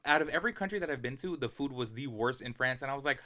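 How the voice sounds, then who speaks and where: A young American man telling stories in a casual, slangy podcast chat, animated and quick to laugh. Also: mid-range voice. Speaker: podcast co-host.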